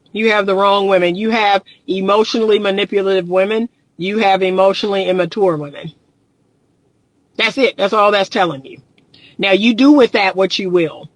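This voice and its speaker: A woman's voice: on the high side, a bit bright, no echo, rough recording. A woman relationship coach giving emphatic, casual advice on a livestream, repeating phrases and laughing often. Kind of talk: casual live-stream advice talk.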